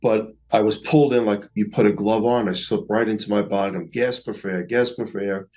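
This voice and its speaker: A middle-aged man, earnestly recounting a personal experience in a slow, reflective way. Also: on the low side, steady tone, darkish tone, poor audio. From Staten Island, New York. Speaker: near-death experiencer. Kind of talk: personal storytelling.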